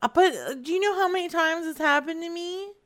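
A woman's voice: extremely high pitch, a little fast, a bit bright. A young adult woman making a prank phone call, brash and teasing, laughing often. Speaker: prank caller.

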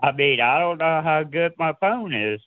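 A man's voice: fairly high pitch, animated, normal speed, no echo. A man on a phone call, hesitant and insistent, full of fillers. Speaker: caller. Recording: tinny phone line.

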